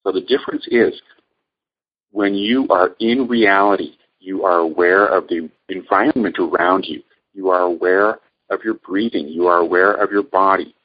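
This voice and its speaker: A man leading a guided meditation lecture, speaking in a calm, measured, gently instructive way. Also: low voice, highs cut off. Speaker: meditation teacher.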